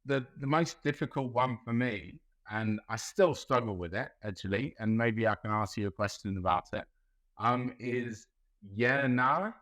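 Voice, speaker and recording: A man's voice: mid-range voice, a little slow, a bit bright. Hesitant man from England. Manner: hesitant, repeats words, tentative. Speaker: guest, nurse from England. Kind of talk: casual podcast chat.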